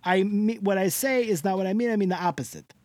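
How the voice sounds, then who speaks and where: A man's voice: sits high, fast talker, darkish tone, a little hiss or hum, voice pushed up, natural voice. A man on a podcast putting on a comic voice as a doting, effusive Italian-American greeter who talks in an over-the-top welcoming way. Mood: gushing. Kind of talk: comic character bit on a podcast.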